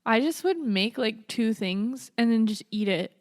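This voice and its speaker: A young woman co-hosting a casual podcast. She agrees often with quick yeahs and laughs easily. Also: a little high, animated. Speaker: podcast co-host. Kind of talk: casual chat.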